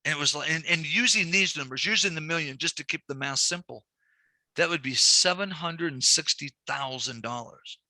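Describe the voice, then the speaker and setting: A man with a very bright, tense voice and a fairly high pitch teaches a banking session, explaining figures step by step. His delivery turns animated when he tells stories and acts out dialogue. The recording is close and dry, with no room sound. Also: moderate pace, no echo. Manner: animated storytelling with quoted dialogue. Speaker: banking instructor. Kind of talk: recorded training lecture.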